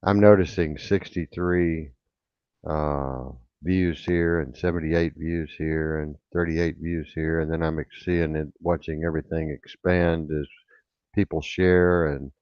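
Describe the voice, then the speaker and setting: A man hosting a casual online radio chat, excitable and rambling, bragging about the show's growth. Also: a bass voice, a little slow, clear, resonant tone, dry recording, lo-fi sound. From rural farm upbringing. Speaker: host.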